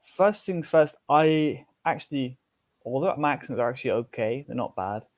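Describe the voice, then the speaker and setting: A British man, a podcast guest, talking in a lively, animated way over a remote call. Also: mid-range voice, normal speed, dry recording. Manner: animated, acts out learners' inner voices. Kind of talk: casual chat. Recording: dull lo-fi call audio.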